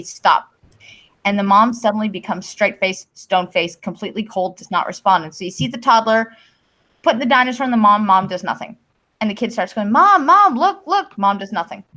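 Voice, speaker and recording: A woman's voice: mid-range voice, sharp tone, rough recording. A woman from Canada hosting a live-stream podcast, explaining her views at length in casual talk with casual swearing. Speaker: podcast host.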